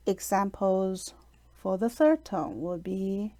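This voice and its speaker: A woman reads a pronunciation lesson at a very slow, measured pace. She sounds out each syllable deliberately and pauses between them, in a careful, teacherly voice of middling pitch. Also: warm tone. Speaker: language teacher.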